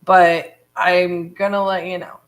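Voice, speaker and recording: A woman's voice: lowish voice, level tone, takes it slowly, low-quality recording. A woman co-founder of a real estate business talking casually and frankly on a live stream, full of fillers like "um" and "you know". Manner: chatty, frank, many fillers.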